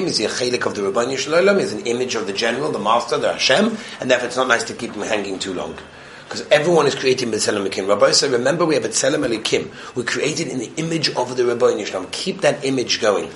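A man giving a Torah lesson on the weekly portion, telling stories animatedly and moving between loud excitement and hushed tones. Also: medium pitch, a little hiss or hum. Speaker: Torah teacher.

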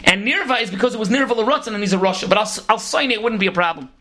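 Fast-talking man teaching Talmud. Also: sits high. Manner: rapid, animated explaining with Hebrew and Yiddish terms mixed into English. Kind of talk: Talmud lecture.

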